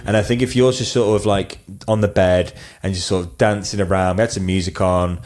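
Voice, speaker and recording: A man with a very deep voice talks casually as a podcast guest. He rambles, circling back with fillers and restarts. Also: steady tone, brisk, darkish tone. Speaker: wedding photographer guest.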